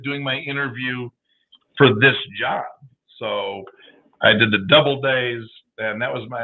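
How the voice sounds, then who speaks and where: A middle-aged man, a guest on a talk show, telling lively anecdotes in casual chat and acting out the dialogue. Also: medium pitch. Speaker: guest, baseball team general manager. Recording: tinny phone-like audio.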